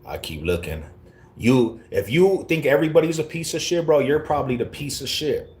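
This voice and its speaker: A man from Colorado live-streaming and answering his chat in brash, confrontational street slang. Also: mid-range voice. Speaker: livestreamer reading chat. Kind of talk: casual live-stream talk.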